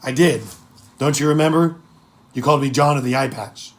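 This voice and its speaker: A man's voice: mid-range voice, normal speed, lightly acted. A man voicing an earnest young pirate boy who speaks urgently and pleadingly in a storybook reading. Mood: exasperated.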